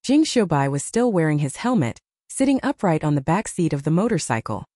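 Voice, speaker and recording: A woman reading a novel aloud as audiobook narration, with expressive storytelling. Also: low-pitched, a little fast, dry recording, clean studio sound.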